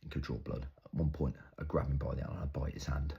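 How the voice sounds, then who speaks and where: Very deep, husky man in a dramatic monologue. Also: little pitch movement, dark tone, highs cut off. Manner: intense, halting, storytelling with heavy swearing. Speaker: actor.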